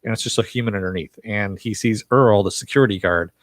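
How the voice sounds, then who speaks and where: A man with a fairly low voice talks through a TV episode in a loose, rambling way, full of "uh" and "you know" and stray chuckles. The sound is dry and close, with no room echo. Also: fast. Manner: rambling, many fillers and chuckles. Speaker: TV episode reviewer. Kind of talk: casual live recap.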